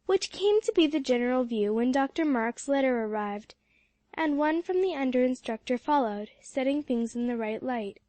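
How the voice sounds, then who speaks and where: A woman narrating a classic children's book in a steady, expressive reading voice. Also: sits high, normal speed, no room sound. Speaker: audiobook narrator. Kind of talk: storybook narration.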